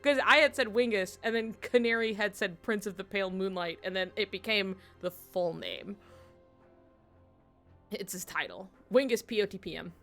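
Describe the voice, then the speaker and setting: A woman's voice: medium pitch, moderate pace, soft background music. A woman streaming a video game at home, chatting casually and telling stories with lots of giggles. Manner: giggly, animated storytelling. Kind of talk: casual chat while playing a video game.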